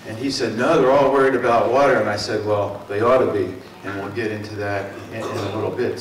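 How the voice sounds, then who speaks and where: A man's voice: on the low side, reverberant, distant mic, slight background noise, low-quality recording. A middle-aged man from the Mid-Atlantic with a Philadelphia and South Jersey accent, giving a folksy, rambling talk to a community forum, full of fillers and self-corrections. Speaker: water district speaker. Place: meeting room.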